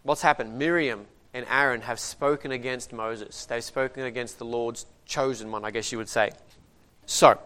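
A man delivering a church sermon at an ordinary middle pitch. He moves between soft, confiding asides and louder stressed phrases as he teaches. His delivery stays earnest and steady. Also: moderate pace, clear, resonant tone. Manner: varies loudness widely, reads King James passages aloud. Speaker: preacher. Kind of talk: sermon with scripture reading.

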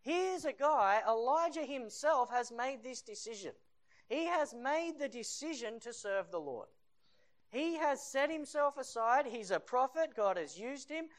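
Brief: male pastor, conversational sermon delivery, swings between loud emphasis and quiet reflection. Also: extremely high pitch, animated, measured pace.

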